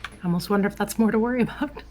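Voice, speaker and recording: A woman's voice: mid-range voice, very fast, a little mellow. Wry woman at a tabletop game. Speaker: player. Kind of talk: casual tabletop play.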